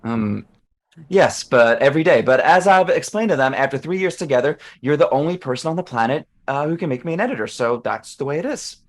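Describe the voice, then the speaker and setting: A man's voice: on the high side, lively intonation, fairly quick, natural voice. A man reading the part of an eager, put-upon young assistant in a play reading, stammering nervously.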